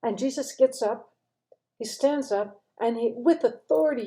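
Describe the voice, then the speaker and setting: A woman's voice: fairly high pitch, normal speed, dark tone, poor audio. A woman giving a thoughtful devotional reflection, sometimes dropping to a near-whisper for emphasis.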